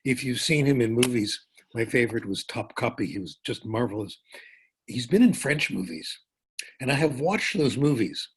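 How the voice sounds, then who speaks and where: An older man speaks as a keynote lecturer, drifting into a personal anecdote in an easy, conversational way. His voice is husky and a little breathy. He sits in the middle range for pitch. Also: normal speed. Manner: relaxed, anecdotal, with small restarts. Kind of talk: storytelling lecture.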